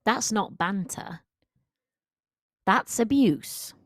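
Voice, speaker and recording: A woman's voice: mid-range voice, expressive, very slow, no room sound, clean studio sound. A woman confidence coach talking through a solo podcast episode in an emphatic, direct, conversational way.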